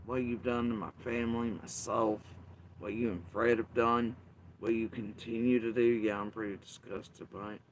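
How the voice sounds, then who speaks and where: A man's voice: medium pitch, flat delivery, moderate pace. A man rants with bitter, emphatic, profane delivery, his voice sitting in an ordinary middle range. A faint hiss of noise sits behind him. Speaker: channel host. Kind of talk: angry ranting commentary.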